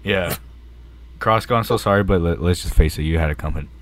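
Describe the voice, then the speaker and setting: A young man co-hosting a podcast, telling stories in a laid-back, low-key way and chuckling along. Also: quick pace, a little hiss or hum. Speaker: podcast co-host. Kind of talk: casual chat.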